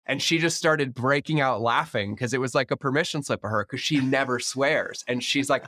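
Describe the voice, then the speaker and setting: Energetic swearing male podcast host. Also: mid-range voice, moderate pace, few pauses, no echo, clean studio sound. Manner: energetic, swears freely, acts out quoted dialogue. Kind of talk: casual interview chat.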